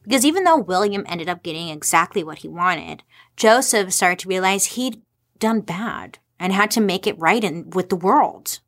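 A woman's voice: mid-range voice, animated, normal speed. A woman hosting a casual comedic history explainer, irreverent and sarcastic, swearing freely and tossing rhetorical questions at her audience.

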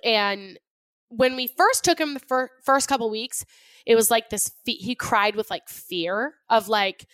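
Lively high-voiced woman podcast host. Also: measured pace, clear, resonant tone, no room sound. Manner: animated, laughs often, acts out kids' voices. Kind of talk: casual chat.

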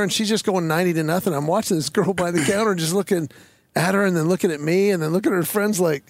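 A man's voice: high-pitched, fast, no echo. A man telling funny travel stories in casual chat, laughing as he goes. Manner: animated, laughing storyteller. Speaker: guest. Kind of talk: casual storytelling.

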